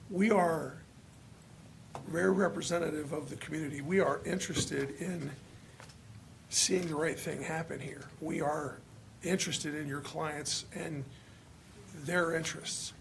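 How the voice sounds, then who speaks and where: A male county commissioner speaking at a public hearing, frustrated and halting, with many restarts. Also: on the high side, fairly even intonation, gravelly, a little hiss or hum. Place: hearing room.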